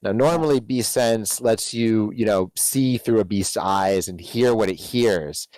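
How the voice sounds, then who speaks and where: A man's voice: fairly low pitch, measured pace, darkish tone, no room sound, low-quality recording. A man playing a tabletop game, hesitant and stammering as he asks the game master questions. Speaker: player. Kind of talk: casual tabletop play.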